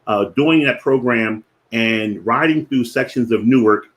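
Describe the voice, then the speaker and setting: In an explanatory finance segment, the show's host walks through money basics with a strong Philadelphia accent and a medium-pitched, slightly bright voice. He sets out each point with care, slowing down to repeat important definitions so they stick.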